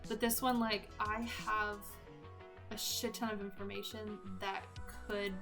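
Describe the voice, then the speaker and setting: A woman's voice: mid-range voice, flat delivery, measured pace, music in the background. A woman vlogging in a casual chat about baiting scammers, amused and talking loosely with lots of "like". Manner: chatty and amused, peppered with "like".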